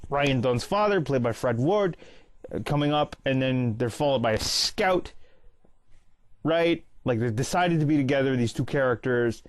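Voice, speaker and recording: This early-thirties movie commentary host retells how a film ends, tossing in quoted lines as he talks in a chatty, casual monologue. He speaks at medium pitch and a normal pace with lively intonation, and there's no room sound.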